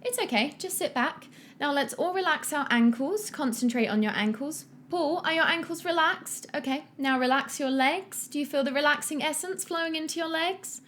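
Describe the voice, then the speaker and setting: Woman doing a sunny, sporty college girl, chirpy and upbeat, voice pushed up high. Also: moderate pace, a bit bright, slight background noise. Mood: bubbly.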